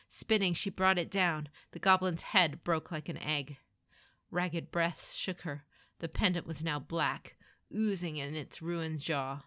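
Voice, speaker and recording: A woman narrating a grim fantasy story in a dramatic, expressive reading. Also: on the low side, no room sound, clean studio sound.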